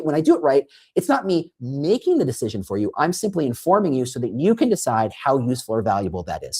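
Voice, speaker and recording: A man with a husky, breathy edge to his voice talks through his ideas in a lively, bouncing pitch. He stumbles and restarts often, and slips into little acted-out quotes to make his point. He sounds like an animated guest on an interview show. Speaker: guest expert on recruiting. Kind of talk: conversational interview.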